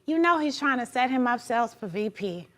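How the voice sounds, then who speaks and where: A Jamaican woman co-hosting a talk show in casual chat, with a squeaky, strained voice and an outspoken, emphatic way of talking. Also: expressive, fairly quick, fairly bright tone. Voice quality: squeaky, high voice. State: strained voice from throat trouble.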